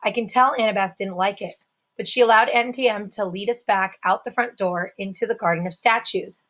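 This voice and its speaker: A woman reads a novel aloud, narrating in the first person with a steady storytelling voice. Her pitch sits in the middle range for a woman. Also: fairly quick. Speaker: audiobook reader.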